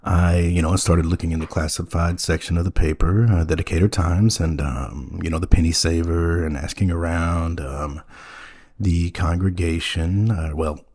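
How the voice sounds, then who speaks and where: A man hosting a comedy podcast, telling a story in a halting, earnest and naive way, full of ums and you-knows. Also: sits low, fairly even intonation, a little mellow. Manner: earnest, wide-eyed naive. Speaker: podcast host playing a naive character.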